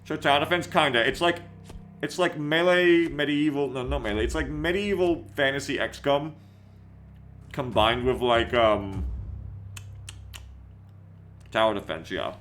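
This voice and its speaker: A man streaming a game in loose, chatty commentary, with the odd swear thrown in as he reads out chat. His voice sits at a middle pitch, and faint music plays underneath. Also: a little slow, pauses often, a bit bright. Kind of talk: casual livestream commentary.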